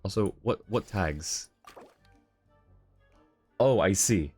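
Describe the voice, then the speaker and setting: A man with a lowish voice talks casually on a live stream as he plays. He gushes thanks at viewers and laughs easily. Faint game music runs underneath. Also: lively intonation, slow pace, darkish tone, slightly rough. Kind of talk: casual live-stream chat while gaming.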